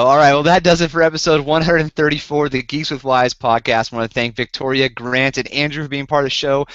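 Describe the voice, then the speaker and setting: A man hosting a podcast, telling a story and acting out both sides in an animated, incredulous way. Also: medium pitch, no echo. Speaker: podcast host. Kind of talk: casual storytelling chat. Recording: dull lo-fi podcast audio, dry.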